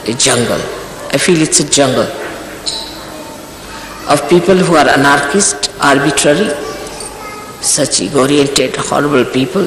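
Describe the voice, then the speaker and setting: A woman gives an earnest, scolding spiritual talk to her followers. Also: a bass voice. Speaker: spiritual teacher. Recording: echoey hall recording, faint noise.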